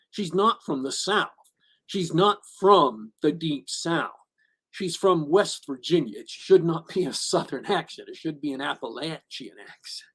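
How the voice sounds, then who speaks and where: His voice sits a little high as he co-hosts a podcast and reviews a film in relaxed conversation. Fillers and restarts pile up in his rambling, though he becomes forceful whenever he offers a verdict.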